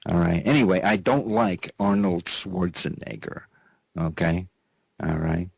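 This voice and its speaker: A man hosting a news show, delivering headlines with deadpan, drawn-out sarcasm. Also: low-pitched, creaky, no echo. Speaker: show host.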